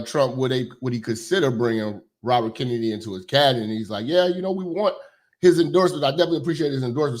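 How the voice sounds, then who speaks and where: A man's voice: fairly high pitch, a bit bright. A man hosting his own commentary show, talking in a blunt, profane, rambling way with lots of fillers. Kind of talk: casual opinion commentary.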